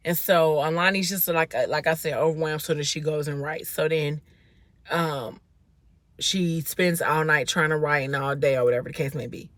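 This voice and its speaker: A woman's voice: low voice, steady tone, moderate pace, fairly bright tone, no room sound. A woman vlogger casually recapping a book from inside a car, rambling with lots of fillers. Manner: rambling retelling with many fillers.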